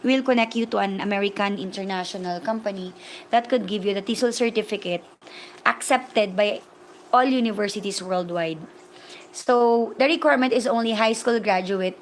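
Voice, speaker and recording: A woman's voice: medium pitch, moderate pace, a little hiss or hum. A woman from the Philippines with a Filipino accent, hosting a livestream chat, switching between English and Tagalog as she talks and reads viewer comments. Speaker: livestream host and language teacher.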